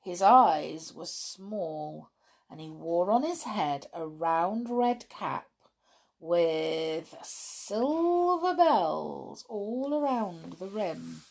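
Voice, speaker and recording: A woman reading a children's story aloud at a gentle, unhurried pace. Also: lowish voice, big pitch swings, creaky, husky.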